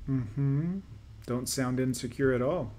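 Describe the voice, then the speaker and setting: A man's voice: medium pitch, slow, dark tone. A man hosting a reaction video, commenting sarcastically and dismissively over played clips.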